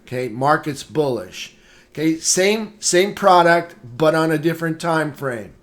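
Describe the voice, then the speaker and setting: A trading instructor leads a live market analysis lesson in a fairly high, animated, unhurried voice. He repeats his points, often checks in with "okay?", and greets viewers by name partway through.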